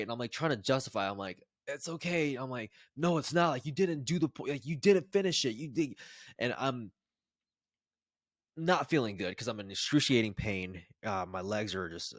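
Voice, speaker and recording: A man in his twenties casually telling a personal story to the camera, rambling and animated with frequent restarts. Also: mid-range voice, no echo, studio quality. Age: 20s. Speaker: vlogger.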